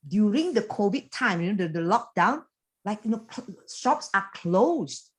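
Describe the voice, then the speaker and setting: A woman giving a motivational coaching talk over a video call, animated and chatty, full of fillers and quick laughs. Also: medium pitch. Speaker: business coach and team leader.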